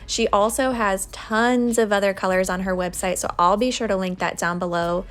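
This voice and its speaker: A woman's voice: mid-range voice, steady tone, moderate pace, fairly bright tone. A young woman doing a casual nail tutorial voice-over, chatty and friendly, laughing now and then. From United States. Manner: chatty, laughs while telling stories.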